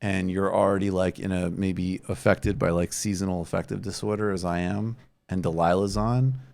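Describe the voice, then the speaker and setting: A man's voice: low-pitched, steady tone, moderate pace, creaky, darkish tone. A man hosting a podcast, chatting casually and teasing his co-hosts with a wry, rambling manner. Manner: wry, teasing, trails off into mumbles. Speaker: podcast host. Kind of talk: casual joking chat.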